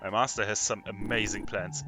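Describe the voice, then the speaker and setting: A man's voice: lowish voice, fairly even intonation, moderate pace, natural voice. Man as arrogant villain knight, gloating and taunting, game music bed. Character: arrogant bloodthirsty male evil knight villain. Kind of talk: reading game dialogue aloud.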